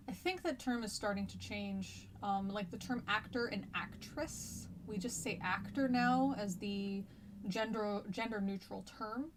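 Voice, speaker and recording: A woman's voice: on the high side, slight background noise. An American woman teaching a history lesson on a live stream, chatty and rambling with frequent ums, and a stuffy nose with a cough.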